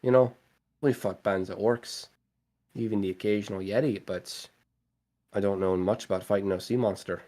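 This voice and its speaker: A man's voice: fairly low pitch, steady tone, normal speed, warm tone. A man talking casually as a player in a tabletop role-playing game, easygoing and hesitant. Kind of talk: tabletop role-play chat.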